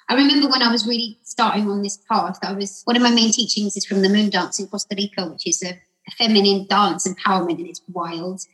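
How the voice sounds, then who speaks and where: Husky-voiced woman telling stories. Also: mid-range voice, poor audio. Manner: rambling, warm storyteller acting out quotes with laughs. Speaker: podcast guest. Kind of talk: casual storytelling chat.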